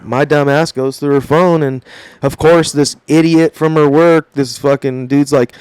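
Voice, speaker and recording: A man's voice: a little high, steady tone, measured pace, a little mellow, clear, resonant tone, dry recording. Profane man telling a rambling story. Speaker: podcast guest. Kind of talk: casual storytelling.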